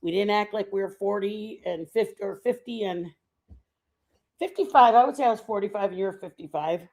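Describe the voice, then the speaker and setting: A middle-aged woman from the United States rambles on a live stream, chatting loosely with her viewers. She sits at a middling pitch, and her talk wanders from one aside to the next. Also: brisk, a little mellow. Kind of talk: casual chat.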